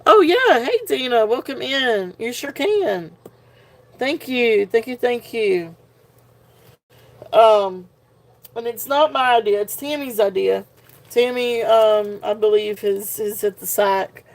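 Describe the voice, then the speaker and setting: A woman's voice: fairly high pitch, lively intonation, slow pace. A woman hosting a live jewelry sale in casual chat, tired and punch drunk, giggling often as she talks. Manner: giggly, laughs often while talking.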